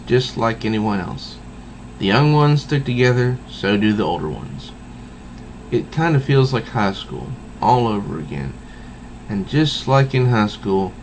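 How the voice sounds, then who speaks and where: A man's voice: mid-range voice, a little hiss or hum, low-quality recording. A man voicing a distraught young woman who pleads for help, read aloud from a comic.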